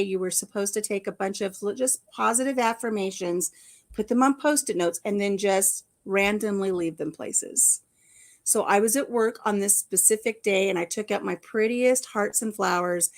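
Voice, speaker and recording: A chatty middle-aged woman hosts a casual livestream, telling stories from her working life. She acts out the quoted lines and laughs often, at an everyday mid pitch. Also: moderate pace. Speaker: host. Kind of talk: casual livestream chat, storytelling.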